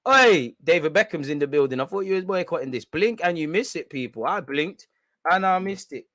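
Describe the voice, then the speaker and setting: A young man hosting a football watch-along, reacting loudly in slangy, shouty commentary. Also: fairly high pitch, fairly quick, no echo. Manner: excitable, shouty and slangy, chanting and yelling at the referee.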